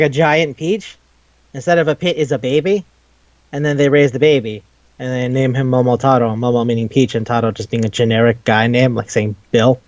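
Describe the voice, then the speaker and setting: A man chatting casually on a podcast, rambling and swearing freely as he retells scenes and slips into quick voices for each character. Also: fairly high pitch, darkish tone, dry recording, dull audio. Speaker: podcast co-host. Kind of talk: casual chat.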